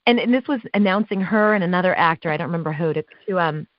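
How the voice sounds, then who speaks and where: A woman guest on an interview show, telling stories about her work as a live awards announcer, with lively quoted dialogue and frequent laughs. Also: lowish voice, quick pace, no echo. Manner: animated, acts out quotes, laughs often. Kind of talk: casual interview storytelling. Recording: dull dry podcast audio.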